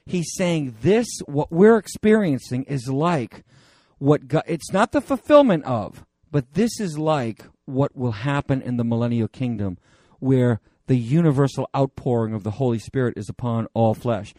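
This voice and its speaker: A male pastor preaching a conversational sermon, animated and digressive, with many fillers and restarts. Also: medium pitch, moderate pace, no room sound.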